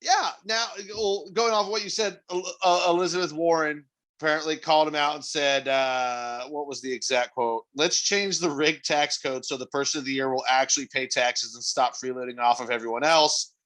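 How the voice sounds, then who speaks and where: Sarcastic bright-voiced podcast co-host man. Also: a little high, steady tone, normal speed. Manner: sarcastic, teasing. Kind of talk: casual podcast banter.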